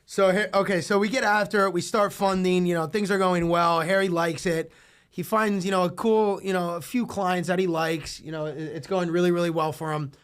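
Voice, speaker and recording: Young man, high voice, casual podcast storytelling, rambling, profane, filler-heavy. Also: fairly even intonation, brisk, fairly bright tone, smooth. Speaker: entrepreneur guest.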